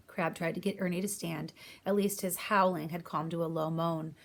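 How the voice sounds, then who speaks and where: A woman's voice: fairly low pitch, steady tone, moderate pace, creaky. A woman reading a children's novel aloud, narrating and giving voice to each character. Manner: reads aloud, voicing each character's lines. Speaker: audiobook reader. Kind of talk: storybook narration.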